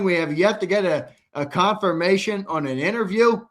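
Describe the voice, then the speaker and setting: An American man hosting a live sports talk stream, chatting loosely, reading viewer comments and now and then bursting into shouts. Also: high-pitched, moderate pace, few pauses. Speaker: host.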